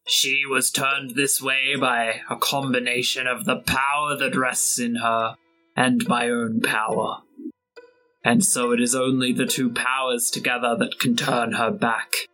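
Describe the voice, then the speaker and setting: A man voicing a sinister being who bargains slowly and coaxingly in a tabletop game. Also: medium pitch, little pitch movement, sharp tone, faint music behind, rough recording.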